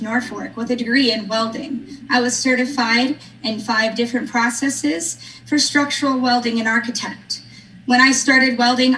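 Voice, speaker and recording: A woman's voice: fairly high pitch, pushed and bright, recorded from a distance, rough recording. A woman in her thirties, a political candidate, giving an earnest, personal speech on a live stream with a touch of humor. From Nebraska. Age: 30s. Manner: earnest, personal, lightly joking.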